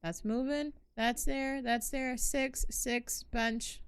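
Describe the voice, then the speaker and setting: A woman's voice: high voice, steady tone, slow pace, smooth, no echo, clean studio sound. A young woman streaming a horror game, chatting casually to her viewers, slangy and swearing, shrieking when startled. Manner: talks to chat, slangy and swears. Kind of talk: casual live-stream commentary.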